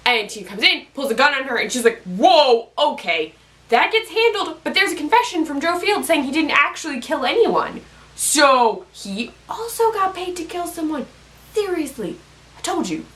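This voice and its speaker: Bright, animated woman recapping a TV episode. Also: high voice, slight background noise, poor audio. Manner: chatty, excitable, rambling fan commentary. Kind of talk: casual TV recap.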